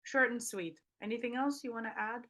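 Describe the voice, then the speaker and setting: A woman's voice: a little high, a little fast, fairly bright tone. A woman hosting a casual chat, upbeat and affirming, laughing often as she talks. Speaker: host.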